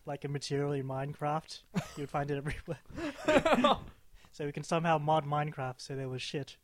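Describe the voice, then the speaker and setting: A man's voice: on the high side, animated, fairly quick. A man co-hosting a casual podcast, adding dry, wry quips to the conversation. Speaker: podcast co-host. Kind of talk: casual banter.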